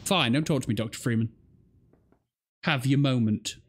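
A man's voice: mid-range voice, moderate pace, background noise. A young English man hosting a reaction video, incredulous and rambling, swearing as he jokes about what he watches. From England. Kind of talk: casual reaction commentary.

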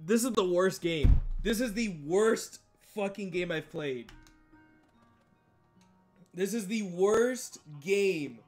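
A man's voice: sits high, expressive, slow, pauses often, a little mellow, soft background music. A man streaming a game playthrough live, reacting aloud with lots of swearing and repeated exclamations. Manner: profane, exclaiming, repeats himself.

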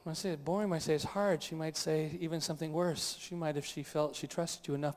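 A man's voice: fairly high pitch, steady tone, quick pace, hardly any pauses, a little mellow. A man preaching at a live conference, in a conversational, storytelling way. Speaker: conference speaker. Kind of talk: sermon.

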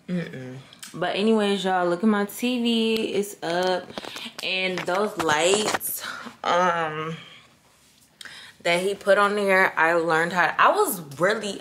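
A woman's voice: on the low side, pushed and bright. A woman vlogging casually from her bedroom, chatty and slangy, swearing freely and talking into a handheld phone camera. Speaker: lifestyle vlogger. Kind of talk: casual chatty vlog talk. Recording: echoey room with faint background noise.

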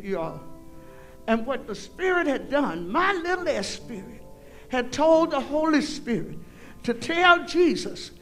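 An older woman, a guest singer telling a folksy, preachy testimony to a concert audience and breaking into hymn lines. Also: high-pitched. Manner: preachy, folksy storytelling, calls out "y'all". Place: concert hall stage.

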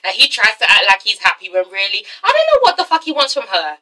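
A woman's voice: medium pitch, wildly swooping pitch, fast, pushed and bright, low-quality recording. A young woman casually recapping a TV episode, sassy and profane, ending lines with "okay?". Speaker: TV episode reviewer.

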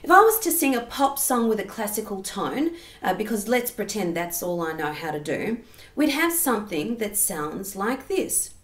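In a reverberant space, a singing teacher with a mid-range voice speaks at normal speed with big swings in pitch. She teaches singing online, explaining technique and breaking off to sing brief example phrases.

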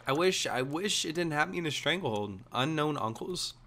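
Hoarse, lively young man streamer. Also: on the high side, moderate pace, slight background noise. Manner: lively, chatty, jokey. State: hoarse, coughing. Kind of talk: casual chat while gaming.

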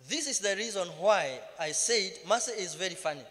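Man, Kenyan accent, preaching Bible study, high pitch, long hall reverb. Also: animated, brisk, fairly bright tone. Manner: mixes English and Swahili, rising to emphatic cries. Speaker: minister leading Bible study. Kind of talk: sermon-style Bible teaching. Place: church hall.

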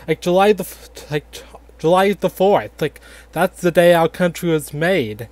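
A man voicing a grandfatherly animatronic fox who tells a satirical history lesson in a halting, filler-heavy ramble. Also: high-pitched, animated, a little mellow. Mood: rambling. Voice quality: halting, filler-heavy, lots of likes and restarts. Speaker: storyteller grandfather. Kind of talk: casual satirical storytelling.

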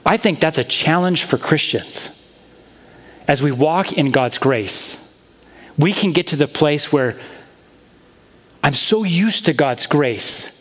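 A man's voice: a little high, animated, slow, long pauses, fairly bright tone. A man preaching a sermon as a pastor, in a conversational style with casual asides. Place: church sanctuary. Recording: long church-hall reverb.

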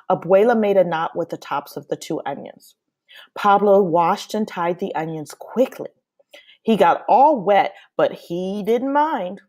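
A woman teacher reading a children's picture book aloud in a slow, expressive way. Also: medium pitch. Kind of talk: storybook read-aloud for children.

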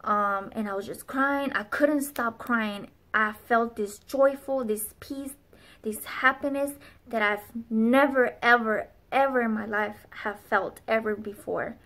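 Young adult woman, slightly high voice, earnest rambling testimony-style vlog delivery. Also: unhurried, a bit bright. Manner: earnest, rambling with many fillers. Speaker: vlogger. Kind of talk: personal testimony.

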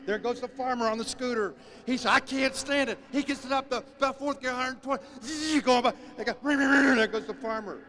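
A man giving a sermon-style talk, telling stories with emphatic, animated delivery. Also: very high voice, fairly quick, few pauses, slight background noise. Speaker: speaker.

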